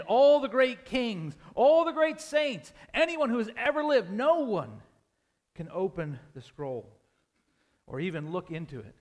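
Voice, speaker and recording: High-voiced man preaching dramatically. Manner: dramatic, swings between loud and hushed. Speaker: pastor. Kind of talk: sermon.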